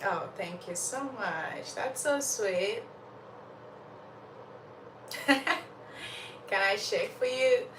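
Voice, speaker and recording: A woman's voice: mid-range voice, expressive, drawn-out words, long pauses, distant mic. A young woman from Uganda chatting casually with viewers on a livestream, laughing often and a little under the weather with a slight cough. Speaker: livestream host. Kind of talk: casual live chat with viewers. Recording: roomy sound from off the mic, faint background noise.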